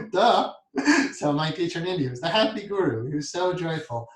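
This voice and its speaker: A man teaching a guided meditation lesson, talking calmly and softly and chuckling often as he explains and counts breaths. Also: a little high, moderate pace. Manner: calm, soft-spoken, chuckles often. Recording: echoey room.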